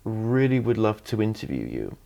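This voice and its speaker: A man's voice: lowish voice, very animated, moderate pace, gravelly, warm tone, highs cut off. A man hosting an interview, speaking hesitantly with many restarts and fillers. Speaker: interview host. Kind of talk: casual interview.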